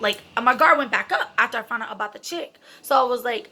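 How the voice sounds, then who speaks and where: A woman's voice: a little high, lively intonation, fast talker, few pauses, sharp tone, a little hiss or hum. A young adult woman telling a personal story in a casual, emotional way, swearing freely and filling her talk with "like" and "you know". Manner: emotional, candid, swears freely, heavy fillers.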